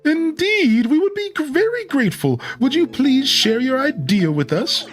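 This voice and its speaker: A man's voice: very high voice, big pitch swings, normal speed, fairly bright tone, faint music behind, voice pushed up, exaggerated voice. A man voicing a courteous Greedent squirrel Pokémon with a Southern US accent. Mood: polite. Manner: prim and polite.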